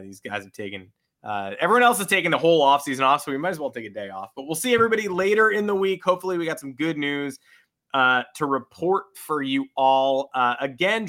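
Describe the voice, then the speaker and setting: Male podcast host, higher voice, bright and chatty, loose joking delivery. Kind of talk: casual baseball podcast chat.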